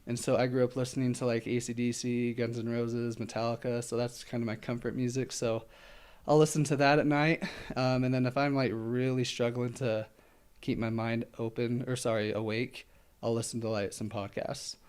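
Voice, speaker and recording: A man's voice: medium pitch, little pitch movement, moderate pace, darkish tone, smooth. A man taking part as a guest in an interview, rambling with many fillers, laughing easily and slightly out of breath. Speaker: ultramarathon runner guest. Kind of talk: casual interview chat.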